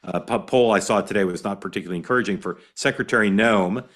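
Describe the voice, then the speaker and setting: A man hosting a political talk show, talking in a conversational, halting way with many restarts. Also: fairly low pitch, a bit bright. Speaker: host.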